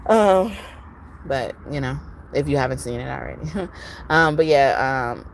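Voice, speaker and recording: A woman giving a casual spiritual reading message, chatting in a relaxed way and now and then breaking into song. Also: very deep voice, measured pace, vocal fry, slight background noise. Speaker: spiritual reader.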